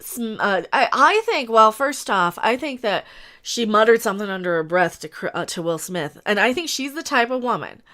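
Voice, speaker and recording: A woman hosting a casual opinion livestream, blunt and ranting, with quick asides. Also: fairly high pitch, expressive, a bit bright. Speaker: livestream host.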